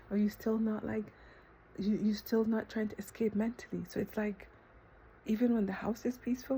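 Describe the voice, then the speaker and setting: A woman's voice: medium pitch, dark tone, a little hiss or hum. A woman vlogger talking to herself in an impassioned, emotional monologue, repeating herself, swearing, and at times dropping to a whisper. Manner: halting restarts when emotional. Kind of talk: emotional self-talk monologue.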